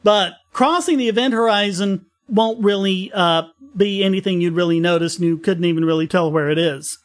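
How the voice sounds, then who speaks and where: A man's voice: sits high, moderate pace. A man co-hosting a casual science podcast, explaining a physics story at length and laughing easily.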